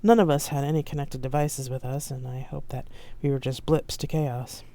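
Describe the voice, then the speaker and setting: A woman author reading her own novel aloud on a live stream in steady storybook narration. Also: a bass voice, normal speed.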